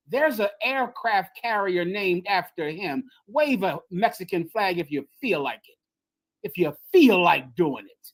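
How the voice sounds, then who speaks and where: A woman's voice: a little high, a bit bright, low-quality recording. A woman holds forth on her own livestream, preaching more than chatting. She hammers her points home and repeats key phrases for emphasis. Her voice comes through a plain video-call mic. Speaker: livestream host and teacher. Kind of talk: impassioned livestream lecture. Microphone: streaming software on a video call.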